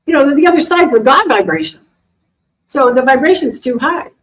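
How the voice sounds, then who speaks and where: A middle-aged woman, an animal communicator, chatting casually to a live audience and answering questions in a lively, animated way. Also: sits high, normal speed, a little hiss or hum, low-quality recording. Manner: chatty, animated, acts out quoted voices. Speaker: animal communicator and intuition teacher.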